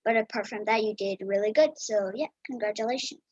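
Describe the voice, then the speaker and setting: A woman's voice: fairly high pitch, brisk, a little mellow, slightly rough, highs cut off. A woman judging a speech tournament, handing out friendly praise with many ums over a video call. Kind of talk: casual spoken feedback.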